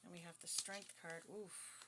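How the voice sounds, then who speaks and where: A woman's voice: lowish voice, level tone, normal speed, very noisy. A woman giving a casual tarot reading, chatty and blunt, breaking into giggles and swearing now and then. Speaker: tarot reader.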